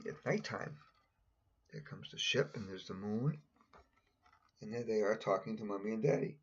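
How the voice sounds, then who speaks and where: A man's voice: fairly low pitch, moderate pace, husky. A man casually reading a picture book aloud, adding chatty asides and pointing at the pictures. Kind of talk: casual storybook read-aloud. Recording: dull lo-fi recording.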